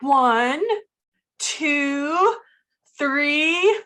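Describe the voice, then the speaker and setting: A woman improvising a cheerful co-host of a children's show, speaking in a chirpy, drawn-out way. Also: high-pitched, sharp tone, exaggerated voice. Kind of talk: improv comedy scene.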